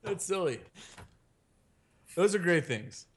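A young man with a slightly high voice co-hosts a podcast in loose, joking banter. His talk is casual and full of quick asides. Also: sing-song, slight background noise. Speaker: podcast co-host. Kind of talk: casual chat.

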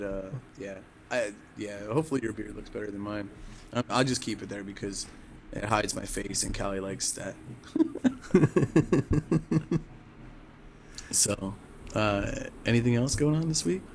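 Guy in his 30s rambling on a podcast, laughs a lot, lowish voice, bit of faint hum behind. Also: unhurried, gravelly, pauses often. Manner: rambling, laughs often, animated storytelling. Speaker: podcast co-host. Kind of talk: casual chat.

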